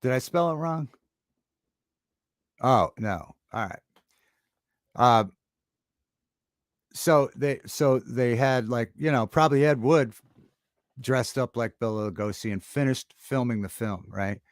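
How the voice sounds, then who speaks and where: Halting, rambling male livestream host. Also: medium pitch, dry recording, clean studio sound. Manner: halting and rambling, many fillers and restarts. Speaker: livestream talk show host. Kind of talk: casual livestream chat reading viewer comments. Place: home studio.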